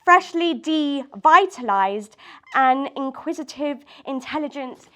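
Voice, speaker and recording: A woman's voice: high-pitched, lively intonation, slow, sharp tone. A woman poet chatting loosely and laughing often, then reading her own poems at a live event. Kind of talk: poetry reading and casual chat.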